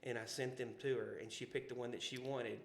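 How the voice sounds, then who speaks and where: A man's voice: medium pitch, steady tone, a little fast, slight background noise. A man with a Southern US accent telling rambling, folksy stories in a casual podcast chat, full of restarts and asides. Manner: rambling, folksy, many restarts and "you know". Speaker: podcast co-host. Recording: roomy echo with faint background ambience.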